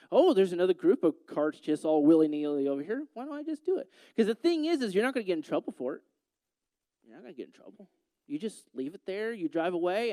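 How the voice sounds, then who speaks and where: A man preaching a sermon as pastor, animated, asking rhetorical questions and acting out quoted voices. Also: high voice, clear, resonant tone, no room sound.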